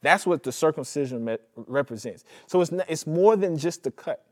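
A man's voice: fairly high pitch, moderate pace. A man preaches in a loose, conversational way, mixing jokes with scripture. He calls out to his congregation and asks them to answer back. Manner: animated, conversational preaching with jokes and audience prompts. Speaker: pastor. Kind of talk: sermon.

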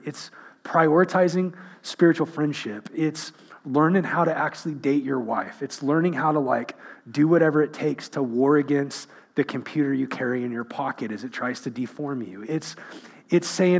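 A middle-aged male pastor with a husky, slightly raspy voice sitting a bit high for a man. He preaches through humorous, self-mocking stories and then turns earnest. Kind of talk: sermon.

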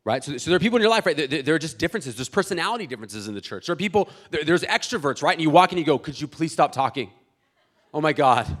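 A man in his thirties preaching a sermon as a pastor, animated and conversational, acting out church members and often restarting his words. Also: fairly high pitch, very fast, few pauses. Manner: many restarts and repeated words.

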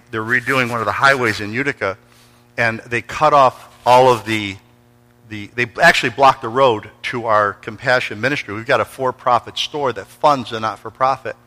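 Middle-aged pastor preaching hard in church, super bright forceful voice, keeps calling out to the crowd. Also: male voice, mid-range voice, low-quality recording. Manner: energetic, calls out to the congregation for responses. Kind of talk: storytelling sermon. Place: church sanctuary before a congregation.

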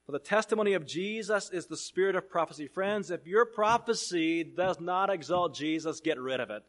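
A man preaching a sermon, reading scripture aloud and swinging between loud proclamation and hushed asides. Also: fairly high pitch, moderate pace, hardly any pauses.

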